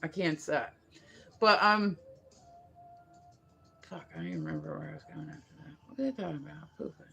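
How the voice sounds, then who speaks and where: A woman's voice: low-pitched, a little fast, gravelly, pauses often, bright, forceful tone, faint music behind. A woman hosting a casual morning livestream, rambling through stories with lots of fillers and laughing at herself. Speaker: livestream host.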